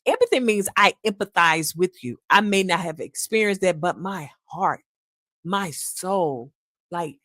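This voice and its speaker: Brief: woman podcast host, low-set voice, earnest casual monologue, dry close mic. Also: expressive, a little slow, a bit bright, no room sound. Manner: earnest, addresses listeners as "y'all", acts out quotes.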